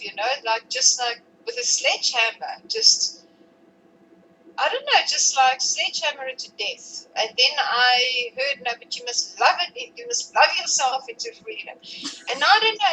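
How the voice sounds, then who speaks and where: Woman in a group talk, high bright voice, emotional and rambly, lots of um and like. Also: slight background noise, rough recording. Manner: emotional, rambling, with many fillers. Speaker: participant.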